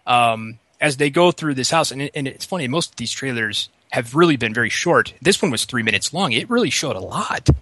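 A man in casual gaming chat, excitable and rambling, full of restarts and fillers. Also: medium pitch, fairly quick, few pauses, dry recording.

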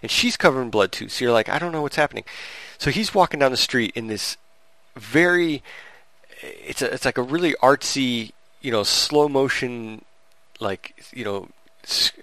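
A man's voice: mid-range voice, moderate pace, no echo. A man co-hosting a podcast, retelling a movie in a casual, rambling way with lots of restarts. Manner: rambling, animated storytelling with frequent restarts and laughs. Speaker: podcast co-host reviewing a movie. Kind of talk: casual chat.

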